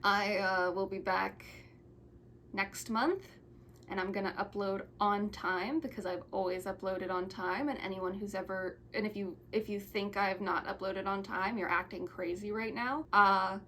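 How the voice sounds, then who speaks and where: A woman's voice: mid-range voice, fairly even intonation, unhurried, fairly bright tone, slight background noise. A twenty-year-old woman hosting a casual thank-you video, rambling with frequent restarts and stumbles, sentimental in tone. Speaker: YouTuber.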